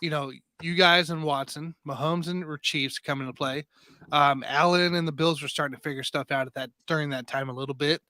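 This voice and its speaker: A man's voice: on the high side, steady tone, a little fast, sharp tone, no room sound. A man as a guest on a sports podcast, easygoing and chatty. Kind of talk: casual sports chat.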